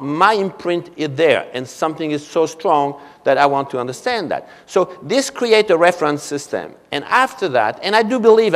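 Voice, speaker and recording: Older French-accented male keynote speaker, higher voice, anecdotal and chatty, long hall reverb. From France. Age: 70s. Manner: anecdotal, frequent "you know" asides. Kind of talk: conference keynote storytelling. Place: convention hall.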